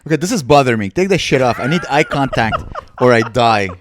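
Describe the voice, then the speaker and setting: A man's voice: mid-range voice, animated, fast, background noise. A young man co-hosting a comedy podcast, teasing and crude, laughing often. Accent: Montreal English. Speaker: podcast co-host. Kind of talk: casual comedic banter.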